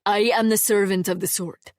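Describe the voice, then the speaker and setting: A woman reading an audiobook and voicing an immortal male swordsman with a low, stern, dryly polite manner. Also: steady tone, moderate pace, no echo, clean studio sound, close to an everyday voice.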